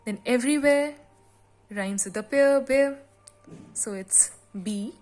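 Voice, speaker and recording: A woman teacher explaining a sonnet's meter and rhyme scheme in a slow classroom lesson, with frequent pauses and fillers. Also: high-pitched, darkish tone, soft background music. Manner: reads the poem aloud slowly with extra stress. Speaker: literature teacher.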